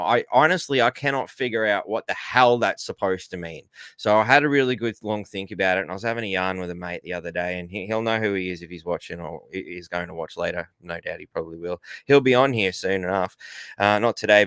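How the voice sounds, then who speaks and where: A man's voice: low voice, quick pace, fairly bright tone, clean tone, no room sound, studio quality. A man with an Australian accent hosting a casual livestream, rambling and greeting viewers in the chat. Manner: rambling, reads out viewer comments, says g'day and mate. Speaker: livestream host.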